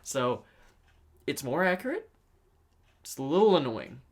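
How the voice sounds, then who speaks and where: A man's voice: fairly high pitch, big pitch swings, a little slow. A man co-hosting a casual movie review podcast, talking in a laid-back, rambling way with plenty of swearing. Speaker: podcast co-host.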